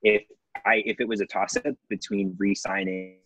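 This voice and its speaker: Low-voiced man hosting a call-in podcast. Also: little pitch movement, moderate pace, fairly bright tone, low-quality recording. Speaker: podcast host. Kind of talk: casual chat. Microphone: video call.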